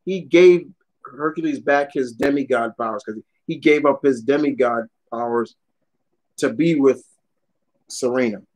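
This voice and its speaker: A man's voice: mid-range voice, unhurried, darkish tone, poor audio. A young man ranting bluntly and with animation while chatting casually on a live stream, swearing often as he answers viewers' questions.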